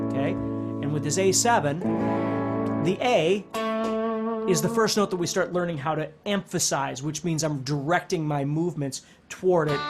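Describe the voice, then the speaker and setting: A middle-aged man explains guitar ideas in an easygoing, conversational teaching manner. His voice sits fairly high for a man, and he often restarts his sentences as he works through a thought. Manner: animated, talks with his hands, thinks aloud with restarts. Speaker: guitar instructor.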